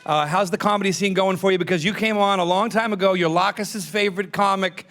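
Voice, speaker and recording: A man's voice: high voice, fairly even intonation, fairly quick. A man hosting a live show on a theatre stage, upbeat and hyping up his guest. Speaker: TV show host. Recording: loud crowd and noise.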